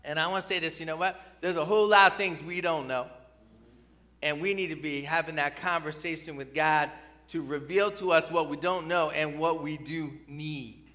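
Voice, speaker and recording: Male pastor, high ringing voice, casual sermon delivery, reverberant hall with hum. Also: steady tone, moderate pace. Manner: conversational preaching, rising to loud repeated cries.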